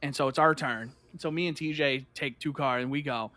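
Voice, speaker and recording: A man telling a lively story in casual chat, full of "like" and acted-out voices. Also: fairly high pitch, brisk, no room sound. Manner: animated, fillers of "like", acts out voices.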